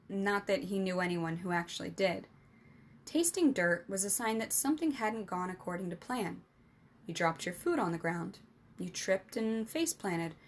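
A woman storyteller reading a children's adventure novel aloud in a steady, expressive narration. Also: medium pitch, a little hiss or hum.

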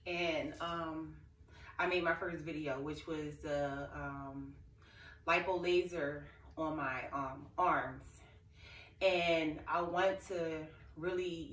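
A young woman vlogging to camera, telling an emotional, rambling story in casual talk. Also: sits low. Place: living room. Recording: echoey room, far from mic.

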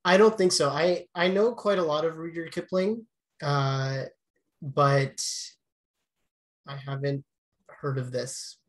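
A man co-hosting a relaxed conversation speaks up only now and then. His replies are short and easygoing, with the odd hesitation before he answers. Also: a little high, takes it slowly, long pauses. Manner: brief, agreeable replies. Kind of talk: casual chat.

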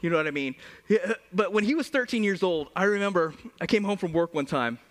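A man in his forties preaching in a high, very animated voice that rises and falls with each point. He tells stories with humor and energy, putting on voices along the way. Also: fairly quick. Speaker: pastor. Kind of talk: sermon. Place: church.

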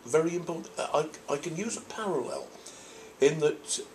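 A man's voice: a little high, lively intonation, normal speed, darkish tone, slight background noise. An older man from Norfolk, a priest, answers audience questions in a thoughtful, rambling way with frequent restarts. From Norfolk, England. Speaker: priest and convention guest.

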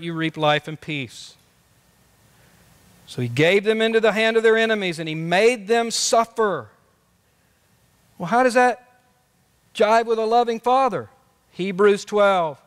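High-voiced preaching man in a reverberant church. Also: clear, resonant tone. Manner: passionate preaching, dropping soft then rising to shouts. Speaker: pastor. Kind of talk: sermon. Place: church sanctuary.

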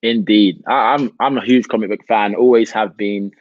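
A British man, an actor, talking through his craft at length in a relaxed interview, with frequent "you know" fillers. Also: lowish voice, moderate pace, no room sound, dull audio. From United Kingdom. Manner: expansive, reflective, many "you know" fillers. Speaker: actor, guest. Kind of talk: casual interview chat.

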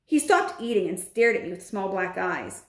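A woman reads a children's novel aloud in an expressive, storybook way. Her voice sits at a middle pitch but moves a lot. The room gives it a noticeable echo. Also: moderate pace. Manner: expressive, with lively intonation. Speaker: teacher reading a novel aloud. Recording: roomy echo.

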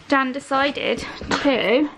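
A woman's voice: sits high, very slow. A woman chatting to the camera in a casual home vlog. She rambles and keeps breaking off to coo at and scold her small kids. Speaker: vlogger and mother. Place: family home indoors and in the garden. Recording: noisy home camera recording.

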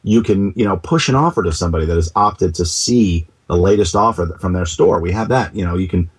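A man talking as a startup co-founder in an interview. He is animated and keeps restarting his sentences, and he throws in comic asides. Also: low voice, fairly quick, husky. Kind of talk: casual interview talk.

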